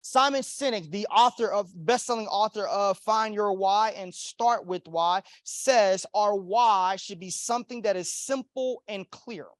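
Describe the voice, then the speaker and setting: A man's voice: high-pitched, unhurried, few pauses, no echo, studio quality. A young man from Florida giving a motivational keynote in a hotel ballroom, with emphatic repetition and call-and-response. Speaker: motivational speaker. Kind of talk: keynote speech to a conference audience.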